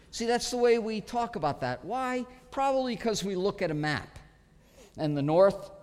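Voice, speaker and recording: A pastor giving an expository sermon, earnest and emphatic, pausing often as he teaches. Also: high-pitched. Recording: long hall reverb.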